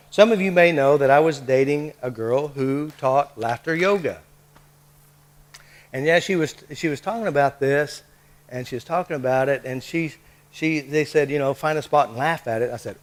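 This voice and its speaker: A man's voice: mid-range voice, normal speed. A man leading a live workshop, coaxing the group with short repeated prompts and checks. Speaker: workshop leader.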